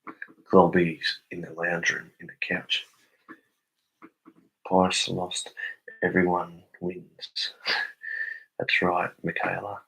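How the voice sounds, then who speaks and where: Husky low-voiced Australian man. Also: completely flat delivery, takes it slowly, pauses often, sharp tone, poor audio. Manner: reads viewer comments aloud and answers them. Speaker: live streamer. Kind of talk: casual live stream chat.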